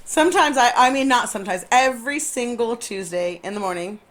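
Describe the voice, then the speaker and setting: A woman on a podcast as a guest cook, telling stories in a lively, casual way and laughing often. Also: a little high, brisk. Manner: animated storyteller who laughs often.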